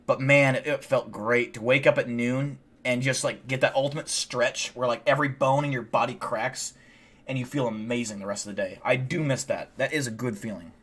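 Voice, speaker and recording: A man hosts his livestream, tired and a little drunk. His speech wanders and trips over restarts, with swearing dropped in casually. His voice sits at an ordinary mid-range pitch for a man. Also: fairly even intonation, normal speed, fairly bright tone, slightly rough. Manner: rambling and profane, with frequent restarts. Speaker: livestream host. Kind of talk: casual rambling livestream chat.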